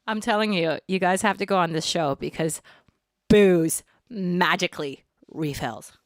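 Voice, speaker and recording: A woman's voice: fairly low pitch, dry recording, clean studio sound. A woman musician chatting playfully on a live-streamed show, rambling with laughter and dramatic asides. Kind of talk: casual chat to a live stream.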